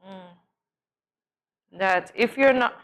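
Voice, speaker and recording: A woman co-hosting a morning talk show, animated and exclaiming as she chats. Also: medium pitch. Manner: animated and exclaiming, quick to laugh. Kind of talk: casual studio banter. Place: TV studio.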